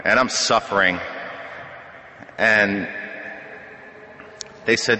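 Speaking into a podium mic in a big meeting hall, a middle-aged man shares his testimony at a recovery meeting with self-deprecating humor. His mid-range voice is piercingly bright and edgy, and he keeps a measured pace in a conversational, storytelling way. A long, lingering echo fills the room, with slight background noise underneath.

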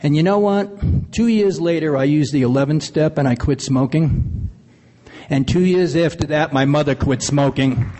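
A man's voice: a little high, moderate pace, warm tone. A man sharing his recovery story with earnest, plain storytelling and occasional laughs. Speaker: AA speaker. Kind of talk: recovery share, personal story. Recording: long hall reverb.

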